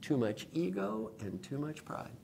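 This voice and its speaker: A man's voice: medium pitch, a little slow, creaky, slight background noise. An older man, an executive coach, speaking in a lecture-style video blog and telling stories with acted-out quoted voices. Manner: animated storyteller who acts out quoted voices.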